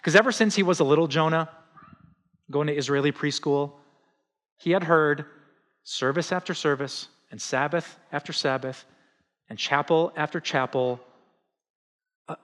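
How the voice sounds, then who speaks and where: Animated pastor preaching in a reverberant hall. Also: male voice, on the high side, normal speed, pauses often. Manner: animated, conversational preaching with acted-out quotes. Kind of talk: sermon.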